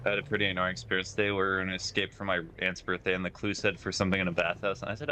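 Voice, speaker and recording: A man's voice: on the low side, fast. A man streaming a driving game, chatting casually and answering his viewers' chat messages as he plays. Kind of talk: casual live-stream chat while playing. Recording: steady noise and hum behind the voice.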